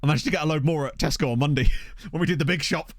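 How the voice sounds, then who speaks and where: A man's voice: fairly high pitch, rapid-fire, no room sound, studio quality. A man chatting casually with his live-stream viewers and answering their messages in a playful, talkative way. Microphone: desk condenser mic.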